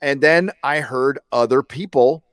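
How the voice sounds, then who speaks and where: A man's voice: mid-range voice, measured pace, a bit bright. A man with a mid-range voice talks bluntly and sarcastically, with plenty of swearing. The sound is dry and close with no room echo, as on a podcast chat. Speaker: podcast co-host. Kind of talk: casual chat.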